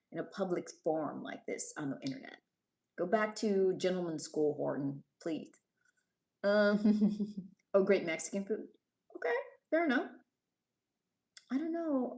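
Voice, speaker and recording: A woman's voice: medium pitch, vocal fry, a little mellow. Teasing woman chatting on a livestream. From New York City. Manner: chatty, teasing, scolds crude commenters. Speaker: livestream host. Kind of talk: casual live-stream chat reading comments.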